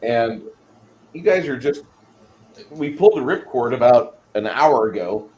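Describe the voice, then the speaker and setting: Man, slightly high, joking host, echoey room, faint noise behind. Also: lively intonation, unhurried, dark tone. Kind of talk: casual livestream chat. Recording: roomy with faint background noise.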